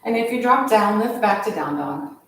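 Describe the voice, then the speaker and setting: Echoey yoga teacher, heard from afar. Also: female voice, mid-range voice, moderate pace. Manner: calm, steady cueing of poses with the breath. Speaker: yoga instructor. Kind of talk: guided yoga class instruction. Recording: very echoey room, voice from far off.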